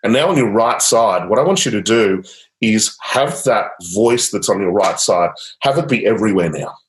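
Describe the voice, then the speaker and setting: A man's voice: fairly low pitch, lively intonation, normal speed. A man guiding a client through a coaching session, upbeat and encouraging, with casual fillers. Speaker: change coach. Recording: roomy echo.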